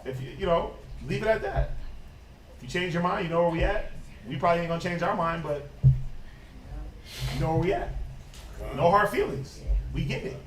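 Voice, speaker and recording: A man with a high voice preaches in a loose, fiery way, firing off rhetorical questions and chuckling to himself. He sounds far from the mic, and there is a clear hiss of noise. The room around him is roomy and echoing. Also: fairly quick, long pauses. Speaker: Sabbath study leader. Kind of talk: informal preaching and scripture reading. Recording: echoey room, distant mic, noisy.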